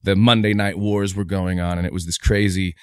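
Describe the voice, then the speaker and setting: A man's voice: sits low, fairly quick, clean tone, no room sound, clean studio sound. A man in his forties, a guest comedian, telling stories in a loose, rambling way on a casual podcast. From Utah, USA. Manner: rambling, animated storyteller with many restarts. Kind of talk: casual podcast chat, storytelling.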